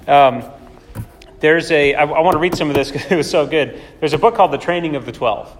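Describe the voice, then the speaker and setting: A man's voice: fairly high pitch, a little fast. A man preaching a sermon in a conversational way, often asking rhetorical questions. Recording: long hall reverb.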